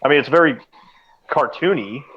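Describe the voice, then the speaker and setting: A man's voice: fairly high pitch, expressive, normal speed, muffled recording, a little hiss or hum. A man chatting casually during a movie commentary, laughing often.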